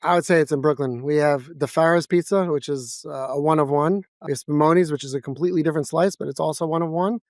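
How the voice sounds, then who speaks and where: A man with a New York accent, a guest in a casual interview, talking fast and bluntly with lots of energy. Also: a little high, fairly even intonation, darkish tone, no echo, studio quality. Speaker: guest, financial advisor. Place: office.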